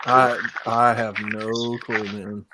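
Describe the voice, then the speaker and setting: A man from Alabama joking loudly and playfully in a casual group voice chat. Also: lowish voice, flat delivery, takes it slowly. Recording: online voice chat with clear background noise.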